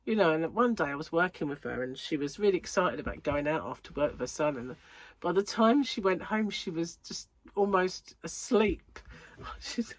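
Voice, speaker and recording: A woman's voice: fairly low pitch, expressive, normal speed. A woman hosting a crochet channel, chatting casually to camera at home with rambling, giggly anecdotes, sounding a little congested and out of breath. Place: home room under lights.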